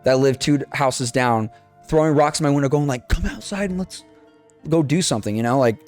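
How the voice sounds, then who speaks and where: A man's voice: medium pitch, brisk, soft background music. A young man casually telling a childhood story on a podcast, swearing freely and acting out the dialogue. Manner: swears freely, animated retelling with quoted dialogue. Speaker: podcast co-host.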